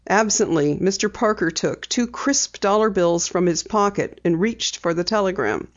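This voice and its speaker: A woman's voice: mid-range voice, lively intonation, normal speed. Woman narrating a story, slightly dull audio. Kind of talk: scripted narration.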